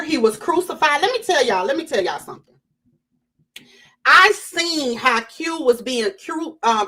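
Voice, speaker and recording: A woman hosting a casual live-stream, talking straight to her chat in an animated way and repeating her points for emphasis. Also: on the high side. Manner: animated, repeats herself, addresses chat directly. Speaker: livestream host.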